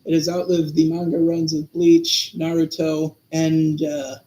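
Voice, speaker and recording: Man with a high voice, echoey room. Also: big pitch swings, a little slow, vocal fry, warm tone. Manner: thoughtful, rambling with many fillers. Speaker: podcast co-host. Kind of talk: casual chat.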